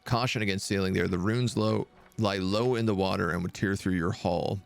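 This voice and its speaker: A man voicing a talkative male town mayor in a video game, speaking in a brisk, chatty, faintly disdainful way. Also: sits low, fairly even intonation, gravelly. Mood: informative.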